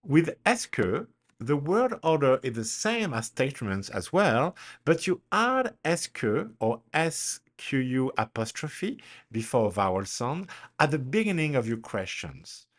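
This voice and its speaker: A male language teacher delivering a recorded grammar lesson at an unhurried, measured pace. His pitch swings widely, jumping up on the example questions he models for learners to repeat. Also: big pitch swings. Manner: slow, deliberate, models questions with a strong rise.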